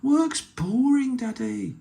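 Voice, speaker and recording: A man voicing a cheeky, eager little girl piglet in a read-aloud storybook, with an excitable squealing manner. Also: high-pitched, measured pace, pitched above the performer's own voice, exaggerated voice. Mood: excited.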